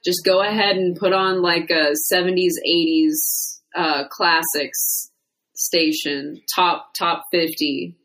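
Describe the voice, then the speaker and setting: A woman co-hosting a podcast, dry and teasing, quick to laugh. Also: on the low side, steady tone, a bit bright, rough recording. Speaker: podcast co-host. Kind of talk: casual comedic chat.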